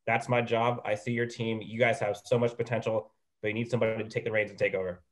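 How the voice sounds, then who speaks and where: A man's voice: lowish voice, flat delivery, fast. A man speaking bluntly and firmly as a podcast guest. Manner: blunt, firm.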